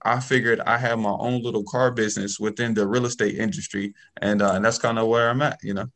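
A man guest telling a story about starting in real estate in a casual, animated way, often checking in with "okay?" and "right?". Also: fairly low pitch, fairly quick.

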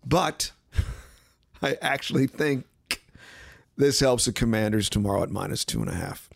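A man hosting a sports podcast, talking casually and sarcastically, giving betting picks and mimicking others in quick asides. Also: medium pitch, lively intonation, vocal fry, no room sound, studio quality. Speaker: podcast host.

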